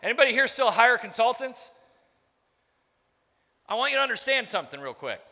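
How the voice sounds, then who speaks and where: A man's voice: very high voice, very animated, fairly quick, pushed and bright. Blunt, profane man on a conference stage. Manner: blunt, profane, acts out quoted dialogue. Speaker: business speaker on stage. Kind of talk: profane motivational keynote. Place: large conference hall. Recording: reverberant hall, stage mic.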